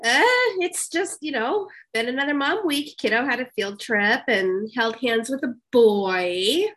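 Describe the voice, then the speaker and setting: Blunt woman, a bit high, sick. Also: expressive, a little slow, fairly bright tone. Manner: matter-of-fact, blunt. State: sick with covid. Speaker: podcast co-host and mother. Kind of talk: casual chat.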